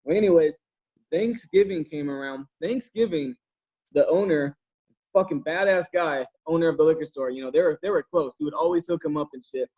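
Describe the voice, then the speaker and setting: A man's voice: on the high side, a little fast, darkish tone. A man hosting a podcast over a video call, telling a story in a rambling, profane way with lots of fillers. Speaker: podcast host. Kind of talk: casual storytelling chat. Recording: dull lo-fi video call audio.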